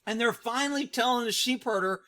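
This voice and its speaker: A man's voice: very high-pitched, a little fast, sharp tone. A middle-aged man commenting on a video clip, mocking it and laughing constantly between phrases. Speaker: vlog host.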